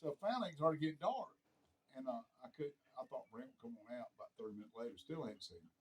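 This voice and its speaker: A man's voice: medium pitch, lively intonation, fast talker, a little hiss or hum, low-quality recording. A middle-aged man telling a hunting story in casual chat, acting out the quoted voices and laughing often.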